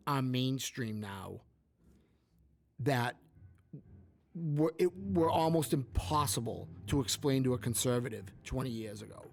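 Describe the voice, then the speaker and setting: A man with a medium-pitched, gravelly voice co-hosts a casual political podcast, rambling and leaning heavily on the word "like."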